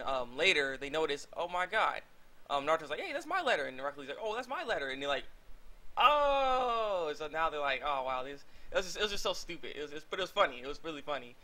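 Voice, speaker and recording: Fast excitable young man rambling. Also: a little high. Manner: rambling, excitable, lots of fillers and restarts. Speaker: anime reviewer. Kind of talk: casual video review.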